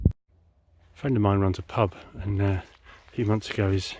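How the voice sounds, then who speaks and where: Middle-aged man, deep voice, rambling joke teller, faint background noise. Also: flat delivery, normal speed, a little mellow. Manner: rambling, with many fillers and restarts. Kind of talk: shaggy-dog joke telling.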